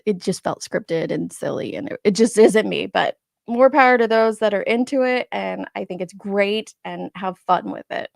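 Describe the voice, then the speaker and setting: A chatty woman in her forties hosts a live stream, greeting viewers by name and laughing often. Her voice has a gravelly, fried edge, and the sound is close and dry with no room around it. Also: mid-range voice, moderate pace, a little mellow, no room sound. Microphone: streaming setup microphone.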